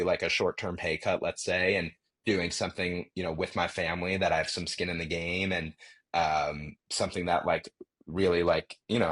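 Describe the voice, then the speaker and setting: A low, husky male voice belongs to a podcast guest who talks loosely and circles back on himself. He stacks fillers, repeats words, and restarts his sentences as he goes. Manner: rambling, full of fillers and restarts. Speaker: podcast guest, marketing entrepreneur. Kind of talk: casual interview answers.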